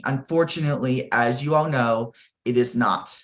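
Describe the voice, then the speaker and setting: A man hosting an online game show, reading out votes in a measured announcing manner. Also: mid-range voice, a bit bright.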